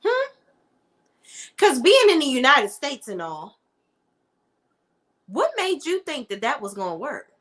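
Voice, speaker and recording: Young woman, sassy TV reviewer, fairly high voice, sharp bright tone, casual opinionated chat. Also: slow pace, pauses often. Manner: animated, sassy, talks straight to viewers. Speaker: TV show reviewer.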